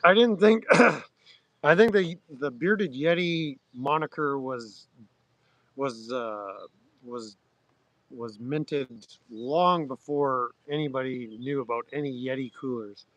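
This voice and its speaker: A man hosting a livestream, chatting loosely to viewers with crude slang, halting restarts and frequent throat-clearing. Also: mid-range voice, fairly bright tone, no room sound. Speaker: livestream host. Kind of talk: rambling casual chat to viewers.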